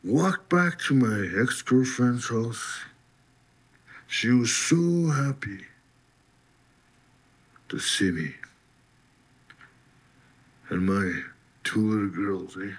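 A man slowly telling his personal faith testimony, husky voice, getting lively as he retells being set free. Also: fairly low pitch. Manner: slow storytelling, lively when retelling his release. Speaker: testimony speaker.

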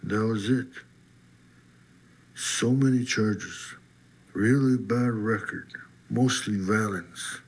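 Guy telling his faith testimony real slow, kinda husky, unhurried storytelling. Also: on the low side. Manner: slow storytelling, lively when retelling his release. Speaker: testimony speaker.

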